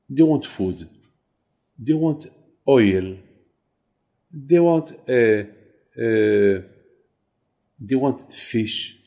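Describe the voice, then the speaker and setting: Slow, mellow-voiced man giving a sermon. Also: mid-range voice. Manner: halting, repeats words, then rises animated with emphasis. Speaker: rabbi.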